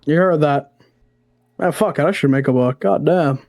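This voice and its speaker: Brash high-pitched man cutting in. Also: moderate pace, a little mellow. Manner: brash, interrupting, boastful. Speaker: police officer in roleplay. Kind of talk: casual roleplay chat.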